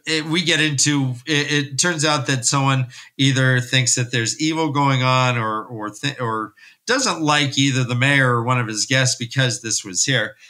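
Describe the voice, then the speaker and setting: A man hosting a podcast, recapping a story in an animated, rambling, jokey way. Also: mid-range voice. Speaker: podcast host.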